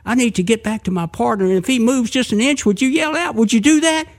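A man's voice: very high-pitched, fast, pitched above the performer's own voice. A man voicing a determined woman agent who makes firm, urgent requests.

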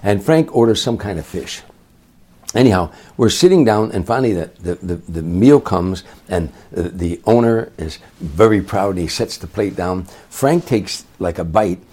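An older man, a comedian and guest, telling a long anecdote in a lively way, acting out the voices of the people in it. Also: low voice, normal speed, slightly rough. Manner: lively storyteller who acts out other people's voices. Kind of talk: anecdotal storytelling.

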